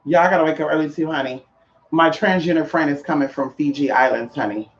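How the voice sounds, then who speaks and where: Man, high voice, sassy, flamboyant, casual chat to viewers, muffled lo-fi audio. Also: fast. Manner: sassy, flamboyant, calls listeners girl and honey. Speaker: spiritual practitioner talking to viewers.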